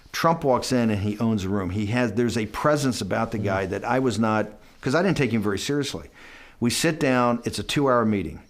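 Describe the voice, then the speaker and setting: Storytelling middle-aged man in an interview. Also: mid-range voice. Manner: anecdotal, acts out dialogue, restarts often.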